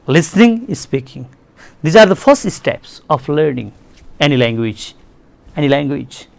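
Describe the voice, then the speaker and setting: A man's voice: a little high, sing-song, measured pace, gravelly, no echo. A man with a Nepali accent giving a televised English lesson, repeating key words and addressing his dear students. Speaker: English teacher. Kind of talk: classroom lecture on television.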